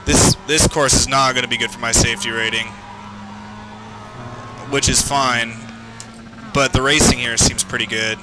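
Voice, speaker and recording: A man commentating his own sim race, swearing and yelling at other drivers, his heart racing. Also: medium pitch, steady tone, normal speed, long pauses. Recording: game music underneath. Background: game music and engine noise.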